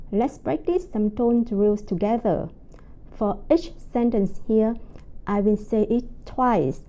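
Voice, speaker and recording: Slow, mellow-voiced woman teaching pronunciation. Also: mid-range voice. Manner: slow, careful enunciation with drawn-out example syllables. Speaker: language teacher. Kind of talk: slow, deliberate pronunciation lesson.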